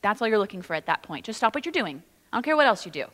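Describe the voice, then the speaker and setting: A woman's voice: medium pitch, very animated, very fast, a bit bright, big-room sound. A woman pastor teaching in a casual, chatty way, full of "like" and "you know". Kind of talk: conversational church teaching. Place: church sanctuary.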